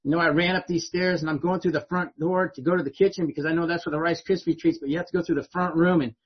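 A man's voice: a little high, steady tone, fast, slightly rough, dull audio. A middle-aged man telling his own life story to an audience in a conversational way, often asking "right?". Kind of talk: personal storytelling speech to an audience.

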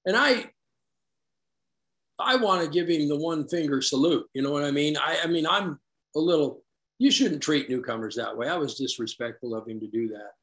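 A man sharing his personal story at a recovery meeting, candid and self-deprecating, halting and restarting as he talks. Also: a little high, a bit bright. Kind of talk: personal story told to a group.

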